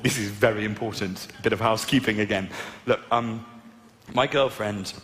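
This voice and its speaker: A young man with a posh southern English accent doing a stand-up set on stage, plummy and self-mocking as he tells animated stories. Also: on the low side, normal speed. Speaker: stand-up comedian. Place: large arena stage. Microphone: stage microphone. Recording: echoey arena with crowd noise.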